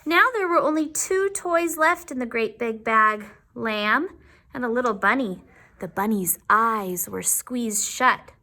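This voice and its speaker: A woman teacher reading a picture book aloud to young children, with asides to them. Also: a little high. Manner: slow, expressive, with asides to the children.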